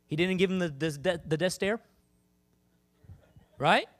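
A man's voice: sits high, takes it slowly. Emphatic man preaching a sermon. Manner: animated, emphatic, calls out to the congregation. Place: church with congregation.

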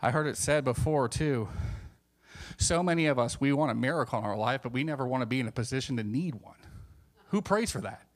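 A man preaching a sermon, swinging between hushed asides and emphatic points, acting out the voices he quotes. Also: mid-range voice, expressive, fairly quick.

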